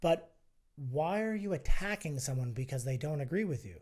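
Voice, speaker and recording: On a podcast, a male guest who runs a health and fitness business makes a persuasive case, voicing both sides of an argument in a casual chat. He sits on the high side in pitch, with lively intonation, a moderate pace and a darkish tone.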